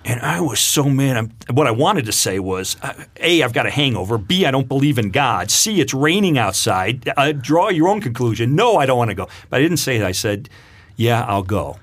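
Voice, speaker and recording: Lively, earnest male storyteller. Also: mid-range voice, fairly quick, hardly any pauses, no room sound. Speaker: interview guest. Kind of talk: personal testimony in a radio interview.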